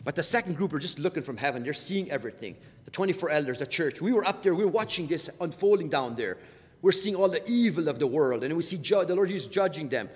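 A man's voice: fairly high pitch, lively intonation, quick pace, slightly rough, in a large hall. A man teaching a Bible study in a conversational way, often repeating words as he goes.

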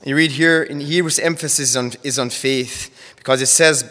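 A man teaching a sermon on Bible verses, measured and careful, often repeating and restarting phrases as he explains. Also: medium pitch, steady tone, bright, forceful tone. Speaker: preacher. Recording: long hall reverb.

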